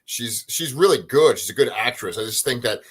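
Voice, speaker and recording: A man co-hosting a live review show from a home bedroom over a video call, talking in a casual, animated way and swearing now and then. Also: mid-range voice, fairly quick, husky. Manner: animated, swears casually, tries silly voices. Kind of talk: casual chat.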